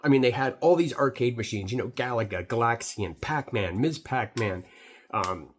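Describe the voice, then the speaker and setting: A man's voice: mid-range voice, expressive, moderate pace. A middle-aged Canadian man who reviews beer, recapping a trip in a rambling, swearing, filler-heavy story.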